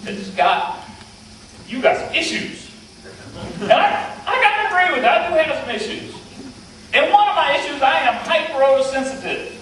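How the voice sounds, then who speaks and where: A man's voice: very high voice, expressive, a little fast, fairly bright tone, slight background noise. A middle-aged man with a West Virginian Appalachian accent, telling a humorous tall tale in a folksy, playful, self-deprecating way. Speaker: storyteller. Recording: echoey hall, mic from far off.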